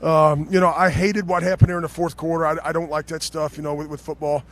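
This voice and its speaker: A man's voice: fairly high pitch, level tone, fast. A man, a head football coach, giving a heartfelt postgame interview on the field, stumbling over his words and restarting often. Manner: emotional, stammering with restarts. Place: outdoor football field after a game.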